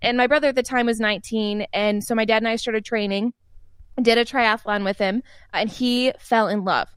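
A woman's voice: a little high, fairly even intonation, normal speed, clean tone, no echo. A young woman, an interview guest, telling family stories in a chatty way and laughing often. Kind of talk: casual storytelling in an interview.

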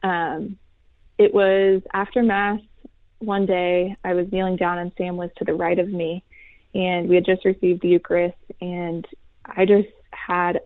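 Young female guest, soft and earnest, fry in the voice, dry phone-quality sound. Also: lowish voice, little pitch movement, no echo. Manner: soft, earnest, many pauses and fillers. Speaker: guest, former college volleyball player. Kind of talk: heartfelt faith testimony in an interview. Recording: tinny phone-like line.

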